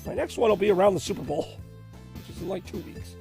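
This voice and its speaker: A hoarse man with a sore throat, hosting a retro gaming stream in rambling, chatty commentary. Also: high-pitched, fast, darkish tone. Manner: rambling, chatty, self-deprecating. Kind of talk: casual live-stream commentary. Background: faint game music.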